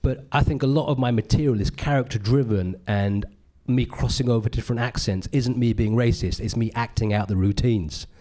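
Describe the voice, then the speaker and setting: A man, a comedian talking casually in an interview and often slipping into loud put-on voices when quoting people. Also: medium pitch, a little fast. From Britain. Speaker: comedian guest. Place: live podcast recording in a venue.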